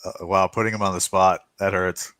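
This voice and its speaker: A man hosting a podcast in casual group chat, laughing often and filling pauses with many "uh"s and restarts. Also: low-pitched, level tone, fairly bright tone, no echo. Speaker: podcast host.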